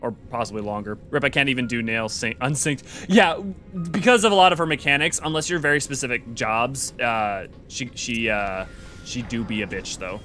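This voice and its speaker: A man hosting a live game stream, chatting casually in an animated, rambling way with some swearing. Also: mid-range voice, normal speed, faint music behind. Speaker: game streamer and lore host.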